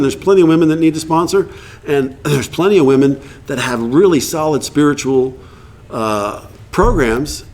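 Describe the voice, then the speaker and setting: A man in his fifties speaking to a recovery meeting, telling his story in a candid, humorous, blunt way. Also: on the high side. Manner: acts out quoted dialogue. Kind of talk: casual storytelling talk to an audience.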